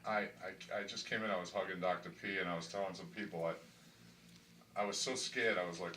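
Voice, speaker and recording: A man's voice: low voice, moderate pace, echoey room. Middle-aged man, emphatic and stumbling, far from mic. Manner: emphatic, stumbling repetitions, grows excited and loud. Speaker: weight-loss surgery patient. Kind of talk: candid testimonial interview. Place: hospital room. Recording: distant mic with faint background hiss.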